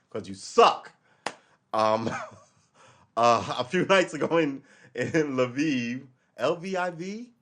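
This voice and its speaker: A man's voice: on the low side, fairly bright tone. Profane rambling man. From Brooklyn, New York. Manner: profane, loose and rambling, with laughs. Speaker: livestream host. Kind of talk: casual political commentary livestream.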